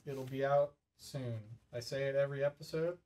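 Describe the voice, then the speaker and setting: Male host, casual rambling banter, mid pitch, recorded from a distance. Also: steady tone, moderate pace, dark tone. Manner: rambling, jokey. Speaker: podcast host. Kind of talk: casual chat.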